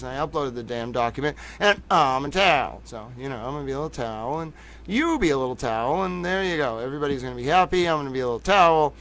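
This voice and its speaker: A man's voice: a little high, a bit bright, smooth. A man hosting a live-streamed news show in a casual, playful, self-mocking way, giggling and talking to his chat. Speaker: livestream news host.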